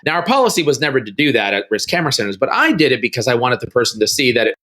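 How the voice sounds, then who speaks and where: A middle-aged man, a guest on a podcast interview, races through an anecdote in a bright, forward tone. He talks loosely and casually, acting out the people and their quoted dialogue with sudden, big jumps in pitch.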